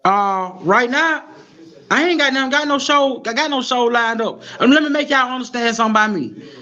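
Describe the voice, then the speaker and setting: Dude with a real high bright voice, swearing a lot, telling stories over a muffled call. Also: male voice, fairly quick. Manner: profane, animated storyteller. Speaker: guest rapper. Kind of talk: casual storytelling on a live stream.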